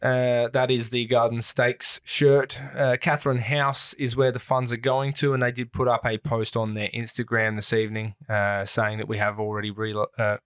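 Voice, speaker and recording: A man co-hosting a podcast, reading plugs and announcements in relaxed, rambling casual chat with lots of "uh" fillers. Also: mid-range voice, normal speed, hardly any pauses, clear, resonant tone.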